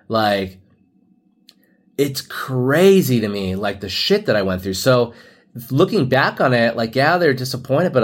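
A young man from who hosts a podcast, telling a personal story in a casual, rambling way, full of restarts and "like" fillers. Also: medium pitch. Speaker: podcast host.

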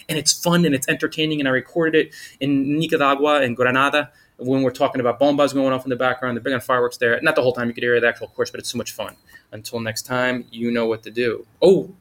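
A man's voice: mid-range voice, a bit bright. A man giving an upbeat, informal motivational talk on blogging, full of slang and enthusiasm. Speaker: blogging coach.

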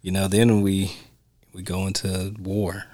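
A man's voice: deep voice, completely flat delivery, measured pace, darkish tone, no echo. A man hosting a podcast, chatting casually about films in an easygoing way, often laughing and groping for names. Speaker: podcast host. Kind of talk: casual film commentary chat.

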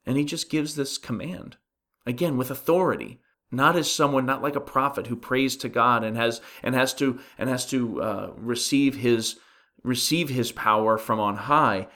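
Male pastor, middle-pitched voice, conversational sermon, earnest questions, loose restarts. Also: moderate pace, bright, forceful tone. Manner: earnest, asks the listeners rhetorical questions; frequent restarts while thinking aloud. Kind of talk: conversational sermon on a Bible passage.

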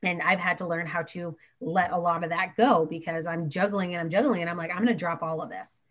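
A woman's voice: fairly low pitch, steady tone, fairly quick, fairly bright tone. A woman who works as a teacher, chatting earnestly on a podcast and talking in long run-on stretches. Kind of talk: casual podcast chat.

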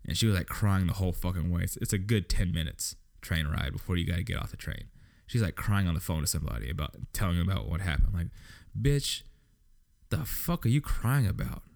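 A man's voice: low voice, quick pace, creaky. A young man hosting a solo podcast, telling a story in a profane, exasperated way. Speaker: podcast host. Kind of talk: casual solo podcast rant.

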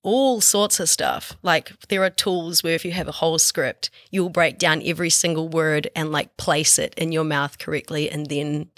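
A woman's voice: deep voice, fairly even intonation, moderate pace, few pauses, fairly bright tone, no room sound, studio quality. A young woman with a New Zealand accent, an actress chatting casually as a podcast guest, with easy laughs and many fillers. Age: young adult.

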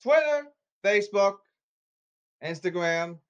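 A man's voice: high-pitched, expressive, slow pace, smooth, lo-fi sound. A man hosting a podcast, delivering an agitated, repetitive, scolding rant. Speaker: podcast host. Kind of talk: ranting podcast monologue.

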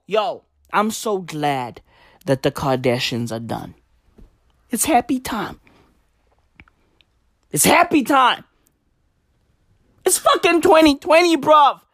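A manic young woman ranting for laughs, her highish voice leaping up and down as she shouts and then drops to a mutter. She swears constantly and speaks slowly, with a dry, close sound. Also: no echo. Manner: loud, manic, swears a lot, slangy; repeats catchphrase, swings between shouting and mutters. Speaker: comedic vlogger. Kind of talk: comedic rant.

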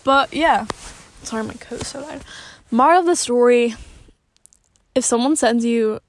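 In a dry recording, a young vlogger with a slightly high voice sits in her parked car ranting to camera. She's blunt and fed up, swearing frequently and filling each pause with "like."

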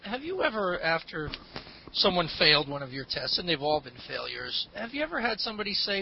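A man co-hosting a podcast, asking a guest a long question in a halting, hesitant way. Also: high-pitched, sing-song, gravelly. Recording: distant, dull lo-fi audio with faint noise.

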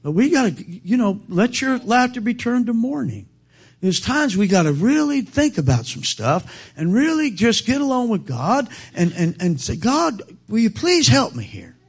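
Male preacher, high voice, big swings in pitch, asks for amens and quotes old scripture. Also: sing-song, husky. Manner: quotes King James scripture, calls for amens; halting restarts, rises to loud emphatic peaks. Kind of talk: sermon.

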